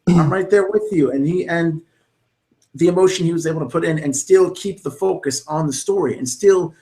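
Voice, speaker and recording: Young guy podcasting, rambly and excited, kinda high voice. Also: normal speed. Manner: rambling, enthusiastic, frequent restarts. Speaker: podcast co-host. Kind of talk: casual chat about wrestling commentary.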